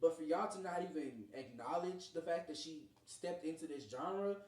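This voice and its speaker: A podcast host chatting casually, making emphatic, animated points. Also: mid-range voice, moderate pace. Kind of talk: casual chat. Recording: roomy echo.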